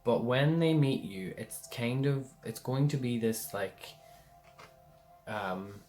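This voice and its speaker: A man's voice: medium pitch, slow pace, darkish tone, faint music behind. A man giving a casual pick-a-card tarot reading, rambling and chatty, often checking in with the listener.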